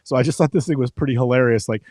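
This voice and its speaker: An easygoing man co-hosting a live car auction stream, reading out car details in a relaxed, amused way. His voice is mid-pitched and sits dry and close, with no room sound around it. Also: racing, no echo. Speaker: co-host presenting auction cars. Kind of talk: casual live-stream chat.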